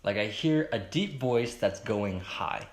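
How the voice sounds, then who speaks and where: A young man hosting a solo podcast, rambling and hesitant with many fillers and restarts, in a fairly monotone baritone. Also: slow pace, reverberant. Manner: self-conscious, chatty. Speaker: podcast host. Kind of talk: solo casual podcast monologue.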